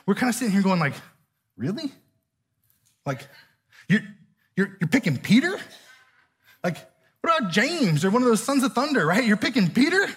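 Husky high-voiced preacher. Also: male voice. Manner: conversational, keeps asking "right?". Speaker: pastor. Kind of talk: sermon.

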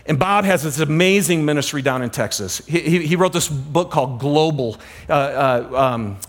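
A man preaching a sermon as a pastor, telling stories with dramatic slowdowns and hushed emphasis. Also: fairly high pitch.

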